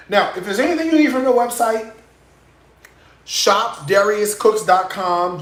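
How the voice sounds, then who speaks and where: A man's voice: high voice, a bit bright. A man hosting a live cooking show, talking sassily and directly to his viewers and checking in with them often. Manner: sassy, chatty, addresses viewers directly, frequent "okay?" tags. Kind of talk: live cooking demonstration with sales pitch. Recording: echoey room with faint noise.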